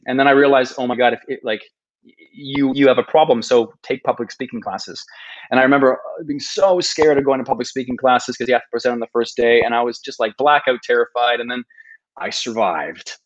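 A man in his thirties tells his own story on a podcast, earnest and self-deprecating, often restarting his sentences. His voice sits at an ordinary middle pitch for a man. The recording sounds slightly dull and lo-fi. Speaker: podcast guest, travel video maker. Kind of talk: casual storytelling interview. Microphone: podcast microphone.

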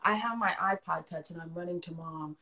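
A young woman with a fairly low voice chats into her phone on a livestream. She tells a personal story with animated delivery, getting loud, then dropping soft. The talk is casual and unscripted. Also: brisk, creaky. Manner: animated, swinging loudness. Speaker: livestream co-host.

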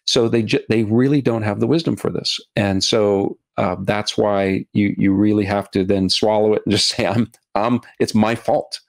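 A middle-aged man, a documentary filmmaker as a podcast guest, talking earnestly and haltingly, often restarting and repeating words. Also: fairly low pitch, fairly even intonation, creaky. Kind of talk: podcast interview.

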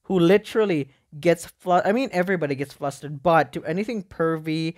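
A gaming YouTuber giving rambling, excitable let's-play commentary, full of fillers. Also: mid-range voice, a little fast.

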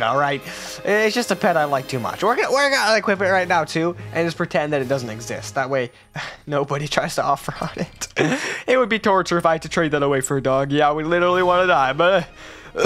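Young male gaming YouTuber, animated pitch, jokey rambling commentary, faint music underneath. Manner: excitable, rambling and jokey, with sudden squeals.

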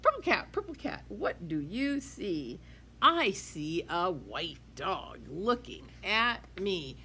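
A woman teacher reads a picture book aloud to small children, her voice swooping high and low in a lively sing-song. She takes her time over each line and drops into hushed whispers for asides. Faint noise sits behind her. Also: slow pace. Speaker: preschool teacher.

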